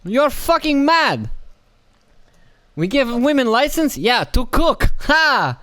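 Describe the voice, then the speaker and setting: A man's voice: very high-pitched, sing-song, slow pace, fairly bright tone, no room sound, pitched above the performer's own voice, heavily acted. A man putting on a mocking voice of a boastful, intolerant foreign man who speaks in broken English. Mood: scornful. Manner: mocking, exaggerated broken grammar.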